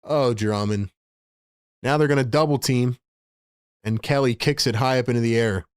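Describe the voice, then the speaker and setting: On a live stream, a sports commentator with a smooth, mid-range voice calls basketball plays at normal speed. He's frustrated and exasperated with his team and chats to viewers, recorded cleanly in a studio with no echo.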